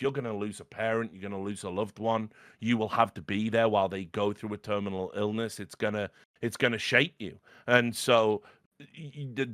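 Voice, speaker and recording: Male podcast host, low-ish bright voice, animated and profane. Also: no echo, clean studio sound. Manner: rambling, animated, swears often, laughs mid-sentence. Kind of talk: casual film chat.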